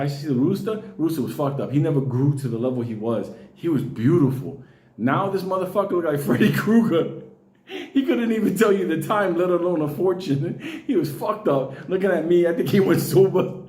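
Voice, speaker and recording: A man telling a wild comic story, animated and swearing often, laughing through his lines. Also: high voice, echoey room. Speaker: comedian storyteller.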